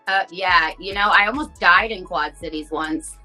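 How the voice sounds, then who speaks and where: Bright-voiced woman, blunt and swearing. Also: on the low side, normal speed, faint music behind. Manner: candid, swears a lot, uses "like" as filler. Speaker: rapper guest. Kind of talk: casual interview storytelling.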